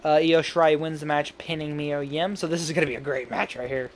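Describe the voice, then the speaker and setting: A man casually talking through an imagined wrestling show, rambling with quick asides and laughing at his own jokes. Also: fairly high pitch, steady tone, a little hiss or hum. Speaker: fantasy booking commentator. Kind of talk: casual solo commentary.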